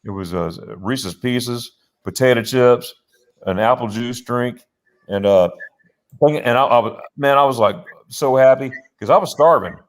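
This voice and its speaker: A man's voice: mid-range voice, unhurried. Rambling man telling a story. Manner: rambling, animated anecdote with many restarts. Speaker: host. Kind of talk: casual storytelling chat. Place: home office. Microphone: laptop.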